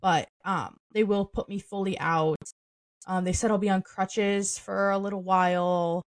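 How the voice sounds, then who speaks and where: Speaking a little slowly with a steady tone, this young podcast co-host has a mid-range voice on a dry recording. Her casual chat is loose and full of "like" and "um" fillers, and she laughs frequently.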